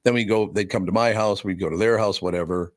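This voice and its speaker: A man's voice: on the low side, steady tone, quick pace, no room sound, studio quality. An older man hosting a radio talk show, telling wry stories with frequent chuckles. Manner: storytelling, wry, chuckles often. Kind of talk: casual chat.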